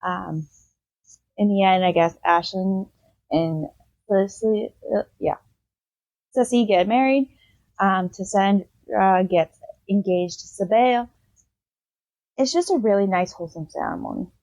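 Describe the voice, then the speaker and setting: A woman chatting casually on her book review podcast, retelling a story with plenty of "um" and "like." Her pitch sits in an ordinary middle range, and her delivery is loose and unscripted. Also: a little slow, long pauses, no echo, highs cut off. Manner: rambling, full of "um" and "like", animated retelling.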